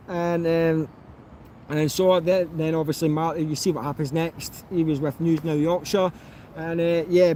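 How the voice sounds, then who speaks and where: A man from Scotland with a softened Scottish accent, chatting casually on a live stream and answering viewers, rambling with lots of fillers and restarts. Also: on the high side, slight background noise. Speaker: YouTube auditor answering live chat.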